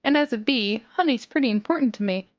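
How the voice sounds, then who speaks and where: A woman's voice: fairly high pitch, lively intonation, quick pace, no echo, highs cut off, close to an everyday voice. A woman voicing an earnest young male bee in a dramatic script reading, in a voice close to her own.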